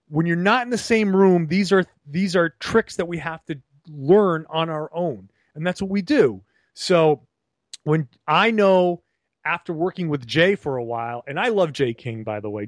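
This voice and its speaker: On the high side for a man, his voice comes through with no echo and studio-quality sound. He's a podcast co-host calling in remotely for a casual conversation, speaking animatedly in long, rambling turns with many restarts.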